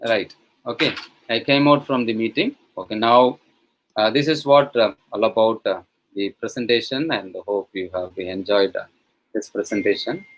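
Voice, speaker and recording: A man's voice: on the low side, moderate pace, a bit bright, rough recording. A man with an Indian English accent, a professor walking through an online teaching tool on a live video call, with many fillers and restarts. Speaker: webinar resource person, professor. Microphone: computer mic on a video call.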